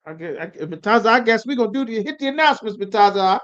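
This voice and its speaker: High-voiced man teaching a livestream class. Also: lively intonation, fast talker, fairly bright tone. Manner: calls on students, chiding and coaxing, slangy. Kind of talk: live online class, casual preaching. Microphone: video call. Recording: lo-fi livestream audio.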